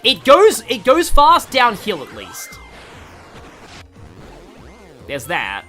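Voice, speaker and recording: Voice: mid-range voice, huge pitch swings, very slow, pushed and bright, faint music behind. An Australian streamer giving casual, rambling commentary on a game, self-deprecating and full of fillers.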